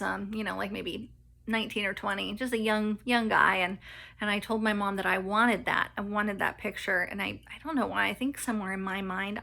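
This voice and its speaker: A woman with a medium-pitched, sharp voice and some vocal fry shares her personal story in a vlog. She hesitates, restarts often and fills gaps with fillers, sounding close to tears and laughing nervously when things get painful.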